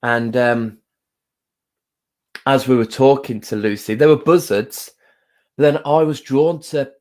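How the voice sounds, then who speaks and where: A man hosting a casual live stream, talking gently with many pauses and fillers and greeting viewers by name. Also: mid-range voice. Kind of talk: casual live-stream chat with card reading.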